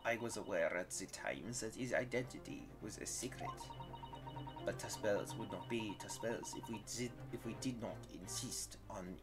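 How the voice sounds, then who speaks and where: A man voicing a proud middle-aged French woman waxwork sculptor, with a put-on French accent, theatrical and deliberate. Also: lowish voice, music in the background, lightly acted. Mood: proud, macabre.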